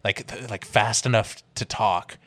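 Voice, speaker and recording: A man's voice: on the low side, steady tone, measured pace, a bit bright. A young man with an ordinary mid-range voice chats on a podcast. He laughs a lot, swears freely and acts out comedy bits as he retells them. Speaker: podcast co-host. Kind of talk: casual podcast chat.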